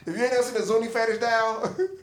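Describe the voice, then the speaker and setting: A man's voice: extremely high pitch, level tone, very fast, a crowd in the background. A man co-hosting a podcast, joking and sarcastic as he tells a story. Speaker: podcast co-host. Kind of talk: casual opinionated chat. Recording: echoey room.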